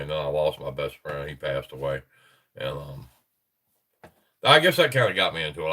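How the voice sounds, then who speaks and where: A man's voice: deep voice, a bit bright, recorded from a distance. A man hosting a paranormal chat show, talking casually and rambling with many restarts. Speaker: podcast host.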